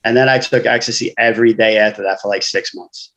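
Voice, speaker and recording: A man's voice: on the low side, steady tone, quick pace, fairly bright tone, rough recording. A man, a guest author telling his life story frankly in casual conversation, often saying "you know".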